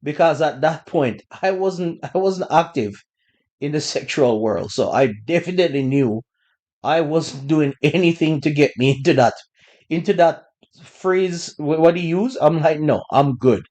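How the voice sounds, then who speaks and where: A man hosting a podcast, telling a personal story in a relaxed, conversational way with bursts of laughter. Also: fairly high pitch, measured pace. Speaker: podcast host. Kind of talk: casual storytelling.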